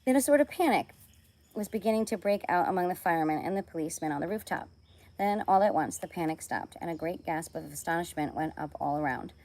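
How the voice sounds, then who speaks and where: Woman reading aloud in a low voice. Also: fast, low-quality recording. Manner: expressive, lively. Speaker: storybook reader. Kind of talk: reading a children's novel aloud.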